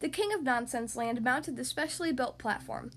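A woman hosting a children's podcast, reading a storybook aloud in an expressive, animated way. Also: sits high, normal speed, slight background noise. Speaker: podcast host and story reader.

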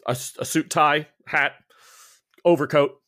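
A man's voice: fairly high pitch, steady tone, a little slow, fairly bright tone. A man narrating a tabletop horror game as game master, casual and rambling, laughing often.

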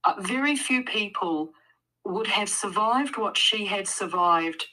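A bright, clear-toned woman speaks as a guest author in a relaxed interview. She thinks aloud, pausing on fillers and restarting her sentences as she goes. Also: medium pitch, rough recording. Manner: thoughtful, with frequent fillers and restarts. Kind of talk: casual interview conversation.

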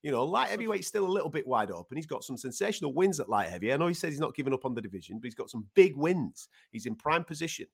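Podcast co-host, lively and loose, swears a lot, mid-range voice. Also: male voice, mid-range voice, rapid-fire, gravelly, few pauses, breathy edge. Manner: animated, swears casually, acts out quotes. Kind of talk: casual sports chat.

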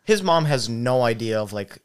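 A man's voice: mid-range voice, animated, moderate pace, smooth. A young man telling a story in a casual chat, rambling with lots of fillers.

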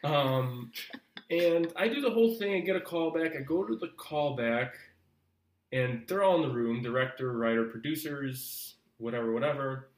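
Actor, male, mid-pitched, lively storyteller who acts out his reactions; recorded in an echoey room. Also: normal speed. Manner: animated storyteller acting out his own reactions. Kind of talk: casual podcast chat, telling an anecdote. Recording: roomy echo.

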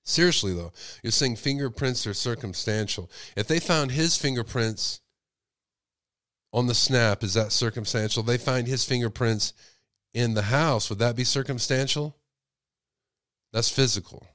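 A man's voice: medium pitch, a little slow, fairly bright tone, no room sound. Guy with a cold running a call-in show, lots of rhetorical questions, dry sound. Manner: speculative, asks rhetorical questions. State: sick with a cold. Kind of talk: casual call-in show talk.

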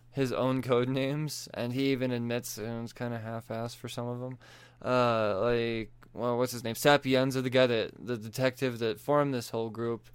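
Smooth-voiced man recapping comics. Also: medium pitch. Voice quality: profane, laughs often. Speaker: comic book reviewer. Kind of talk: casual comic book recap.

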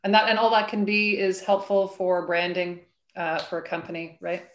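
Woman guest author, earnest, thoughtful, lowish voice. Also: completely flat delivery, moderate pace, a little hiss or hum. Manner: earnest, thoughtful, with many fillers. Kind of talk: casual interview chat.

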